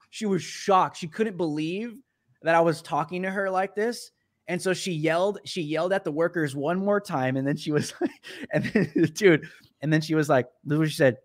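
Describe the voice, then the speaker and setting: A man hosting a casual talk show, telling a story with lots of energy. His voice sits high for a man, and he jumps into the voices of the people he quotes, laughing along the way. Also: moderate pace. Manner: animated, acts out quoted people, laughs often. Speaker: podcast host.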